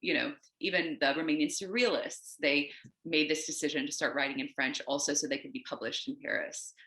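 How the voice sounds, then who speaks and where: A woman poet from the United States, a guest on a video call, talking in a discursive, animated way and wandering onto tangents. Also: low-pitched, a little fast, echoey room. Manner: animated, acts out quoted voices. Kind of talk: casual conversation.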